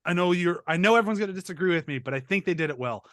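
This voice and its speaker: A man's voice: sits high, very fast, dry recording, clean studio sound. A man hosting a casual movie review podcast, telling stories animatedly and acting out quotes. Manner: animated storyteller, acts out quotes with laughs. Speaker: podcast host.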